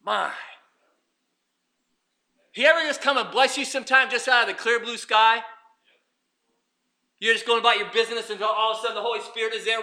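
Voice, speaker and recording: A male pastor preaching a fervent sermon, swinging between hushed passages and shouted exhortation. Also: extremely high pitch, fairly even intonation, brisk, pauses often.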